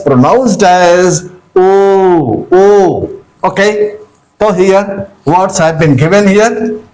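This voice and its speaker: A man gives a pronunciation lesson in a high, unhurried voice. He spells words letter by letter, repeats them, and fills pauses with "uh" and "okay, dear". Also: a little mellow, low-quality recording. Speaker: English teacher.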